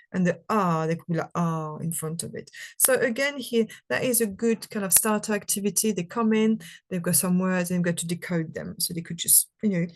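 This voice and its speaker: A woman's voice: on the low side, darkish tone. A woman presenting a live teaching webinar for language teachers, explaining activities step by step with many "okay"s. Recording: recorded live webinar with faint background noise.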